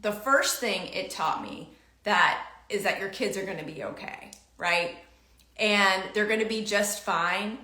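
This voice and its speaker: A middle-aged woman host telling a family story in a casual, animated way, acting out quoted dialogue. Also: unhurried. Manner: animated, acts out quoted dialogue with big pitch jumps. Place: home room. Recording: echoey room.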